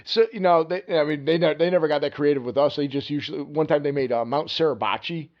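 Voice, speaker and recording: A man's voice: fairly high pitch, fast, lo-fi sound. A man, a podcast guest, telling rambling anecdotes in casual chat and laughing often.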